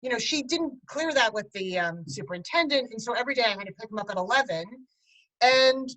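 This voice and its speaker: A middle-aged woman tells her story with animated, chatty energy. Her voice sits fairly high, and she breaks into laughter at times as she talks with an interviewer. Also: fairly quick, poor audio. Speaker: guest, parent and writer. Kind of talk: conversational interview.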